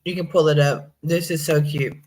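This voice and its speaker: A woman hosting a casual chat, lively and laughing often, with an encouraging manner. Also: sits low, normal speed.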